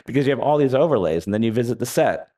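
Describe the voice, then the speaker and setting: An American author in a live onstage interview at a festival, before an audience, tells wry, rambling anecdotes full of hesitations. His mid-range, dark-toned voice is very fast with lively intonation, and there is a slight hiss or hum.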